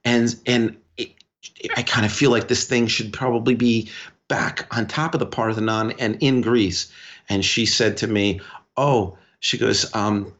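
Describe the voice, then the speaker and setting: A man co-hosting a podcast, telling a story in a rambling, animated way with lots of restarts. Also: on the low side, a little slow, muffled recording. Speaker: podcast co-host. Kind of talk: casual podcast conversation.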